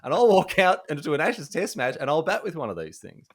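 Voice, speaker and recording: A man's voice: a little high, very animated, fairly quick, voice pushed up. An Australian man voicing a brash, stubborn male cricketer with a cocky, defiant manner.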